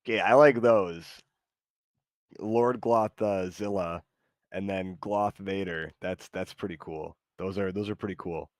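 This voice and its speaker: An American man with a fairly low voice, hosting a casual live stream. He rambles, restarts his sentences and reads chat messages aloud. The sound is dry and close to the mic. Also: steady tone, a little slow, no echo. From United States. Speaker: streamer host.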